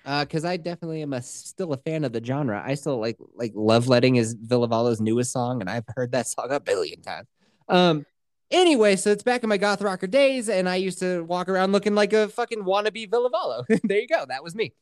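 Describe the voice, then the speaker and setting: Lively, swearing man telling a rambling story. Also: a little high, a little fast, no echo, clean studio sound. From Colorado, USA. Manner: profane, rambling, laughs through his own story. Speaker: podcast host. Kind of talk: casual storytelling chat.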